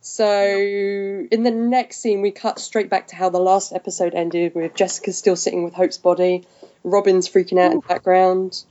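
A woman's voice: lowish voice, little pitch movement, moderate pace, mellow. Giggly British woman on a podcast. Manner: giggly, laughs often between remarks. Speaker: podcast co-host. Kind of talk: casual podcast chat recapping a TV episode. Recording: slightly muffled lo-fi audio.

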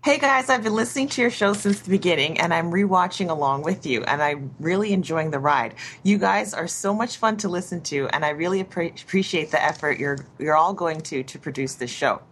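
A woman's voice: fairly low pitch, lively intonation, fairly quick, hardly any pauses, fairly bright tone, a little hiss or hum. A woman with an English accent reading a listener email aloud, with small restarts and giggles. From England.

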